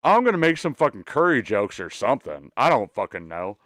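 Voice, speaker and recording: A man's voice: medium pitch, big pitch swings, brisk, a bit bright, no echo, studio quality. A man chatting casually as a stream host, rambling and swearing with many stammered restarts. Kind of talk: casual chat.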